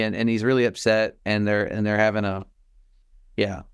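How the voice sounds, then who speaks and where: A man co-hosting a podcast in casual chat, animated and quick to act out quoted lines. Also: fairly low pitch, gravelly, clear, resonant tone, no echo, studio quality. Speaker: podcast co-host.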